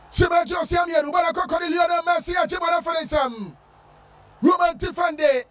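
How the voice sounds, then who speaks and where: A man giving shouted football commentary with a chanting, sing-song delivery. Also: very high voice, distant mic. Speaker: sports commentator.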